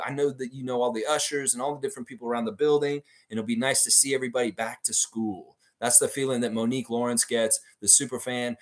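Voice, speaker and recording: A man in his forties hosting a fan livestream, reading viewer comments in casual chat and swearing freely, jumping between loud hype and low murmurs. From Canada. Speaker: fan channel livestream host.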